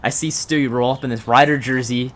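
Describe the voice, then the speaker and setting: A man's voice: mid-range voice, fairly even intonation, a little fast. A young man co-hosting a podcast, telling a story in casual chat, rambling and full of fillers. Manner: rambling storyteller, heavy use of "like". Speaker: podcast co-host.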